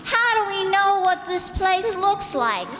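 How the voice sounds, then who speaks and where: An actress playing a dismayed, tearful teenage daughter in a community radio play, half laughing and half crying. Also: female voice, very high voice, very animated, a little slow, a bit bright, slight background noise, full character voice. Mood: complaining. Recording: roomy hall reverb.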